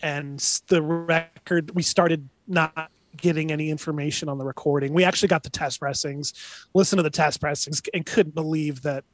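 A man from a band, speaking in an interview at a moderate pace, shares casual stories full of energy and impressions of other voices. His voice is on the high side and the recording is dry.

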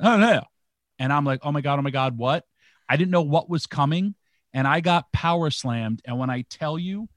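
A man's voice: on the high side, dry recording. A man and former wrestler earnestly recounting a match in a casual chat. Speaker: podcast co-host, former wrestler.

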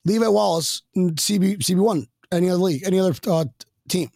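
A man hosting a casual sports chat, excitable and rambling, laughing often and restarting his sentences. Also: high voice, quick pace, vocal fry, no echo, clean studio sound. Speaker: podcast host.

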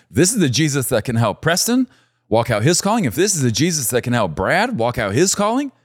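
A man preaching a sermon, animated and repeating key phrases for emphasis. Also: on the high side, no echo, studio quality. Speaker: pastor.

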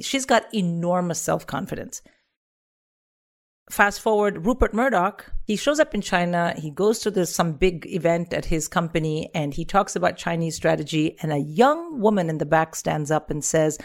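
A comedian guest from India tells a story in a lively, comic way, doing the voices of the people in it. Her voice is lowish and her pace moderate.

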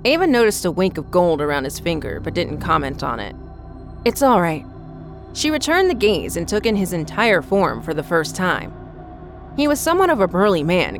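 Woman narrator, lowish pitch, steady scripted horror storytelling. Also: a little fast, soft background music.

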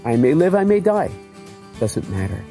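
Older guy telling his faith story, earnest and emotional, kinda high voice, light music under it. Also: very animated, moderate pace, warm tone, poor audio. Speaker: testimony speaker. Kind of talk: personal faith testimony.

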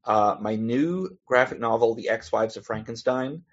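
A man's voice: mid-range voice, moderate pace. A man, a comic author on a podcast as a guest, telling rambling anecdotes in a casual chat and laughing between restarts. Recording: dull lo-fi podcast audio.

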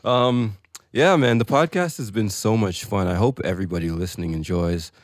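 A man's voice: lowish voice, normal speed, dry recording, clean studio sound. A young adult man co-hosting a podcast in a small room, musing and self-deprecating, laughing often. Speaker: podcast co-host. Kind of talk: casual chat. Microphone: headphones and studio mic.

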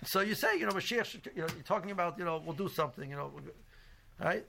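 A man's voice: high-pitched, lively intonation, quick pace, vocal fry, sharp tone, slight background noise. A man giving an informal religious lecture as a Torah class teacher, rambling with many "you know"s and restarts and mixing Hebrew and Yiddish terms into his English.

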